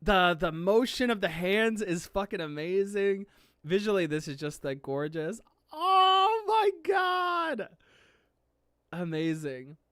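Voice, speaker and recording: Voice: medium pitch, normal speed, smooth, dry recording. A streamer chatting casually while reacting to an anime, gushing, often laughing, and close to tears with emotion. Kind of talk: casual live-stream chat.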